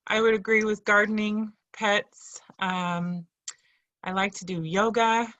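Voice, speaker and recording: A woman student answers in class slowly and hesitantly, pausing on "um"s. Her pitch is mid-range. The sound is dry, with no room echo. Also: steady tone, a bit bright, dull audio. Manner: slow and hesitant, trailing "um"s.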